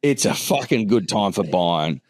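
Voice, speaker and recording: Australian male podcast co-host, rambling jokey delivery with a swooping pitch, dry close sound. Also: expressive, a little slow, dry recording. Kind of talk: casual chat.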